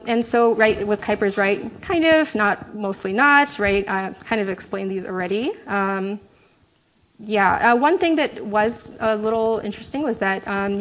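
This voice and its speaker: A woman's voice: medium pitch, slight background noise, low-quality recording. A young adult woman presenting her research in an academic talk, explaining results with frequent "right?" check-ins and filler words.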